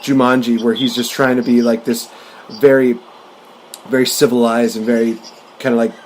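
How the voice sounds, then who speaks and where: A man with an average-pitched voice talks in a loose, rambling way, full of fillers and quick bursts of laughter. There is a faint hiss under the recording. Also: level tone, a little mellow. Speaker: podcast host. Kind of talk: casual chat about movies.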